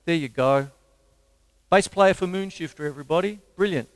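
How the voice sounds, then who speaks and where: A middle-aged Australian man giving a casual drum lesson, counting beats aloud between loud drum playing. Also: a little high, normal speed, no room sound. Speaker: drum teacher. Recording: drum kit loud behind voice.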